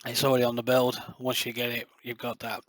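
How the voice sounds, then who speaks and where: A man's voice: mid-range voice, monotone, quick pace, dry recording. A middle-aged man, a light gun builder talking to camera in a passionate, boastful, rambling way full of fillers. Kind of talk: casual rambling talk to camera.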